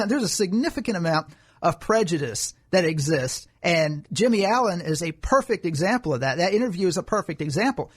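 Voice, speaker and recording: Guy on a politics podcast, bit high voiced, arguing his point at length. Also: breathy edge. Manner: argumentative, explains at length. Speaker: podcast co-host. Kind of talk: political commentary chat.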